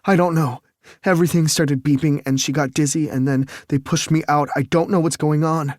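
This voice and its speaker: A man's voice: on the high side, steady tone, normal speed, darkish tone, dry recording, studio quality, lightly acted. A man voicing a panicked young expectant father in an audiobook. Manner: panicked, raised voice. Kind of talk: audiobook character dialogue.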